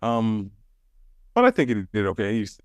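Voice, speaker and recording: A man co-hosting a podcast, chatting casually and relaxed, often hedging with fillers. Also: fairly low pitch, normal speed, clear, resonant tone, no echo. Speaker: podcast co-host. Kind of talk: casual chat.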